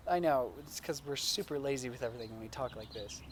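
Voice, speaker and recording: A man's voice: mid-range voice, fast, a little hiss or hum. A young American man joking around in a casual chat while hamming up a put-on Irish accent. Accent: American attempting Irish. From United States. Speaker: co-host.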